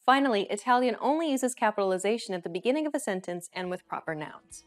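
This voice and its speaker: A woman presents a beginner language lesson in a clear, steady scripted manner. Her voice sits at a middle pitch and she explains each point evenly. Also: fast, soft background music.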